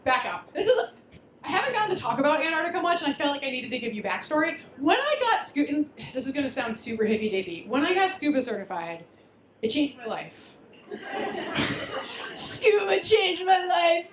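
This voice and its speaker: A woman's voice: high-pitched, slight background noise. A woman in her thirties giving a casual live talk with slides, chatty and self-deprecating, laughing often and restarting her sentences. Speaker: speaker at a science talk night. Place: lecture venue with audience. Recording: echoey room, faint ambience.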